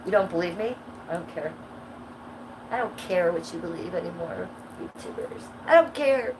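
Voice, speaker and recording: A woman's voice: on the low side, normal speed. A woman in her fifties chatting on a livestream in a brash, profane, rambling way. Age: 50s. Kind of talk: casual livestream chat. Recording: steady background noise.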